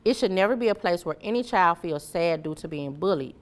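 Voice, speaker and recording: Storybook hero, gentle caped man, steady and encouraging, lowish voice, read by a woman. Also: brisk, natural voice. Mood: reassuring. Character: kind caped male superhero, gentle and reassuring.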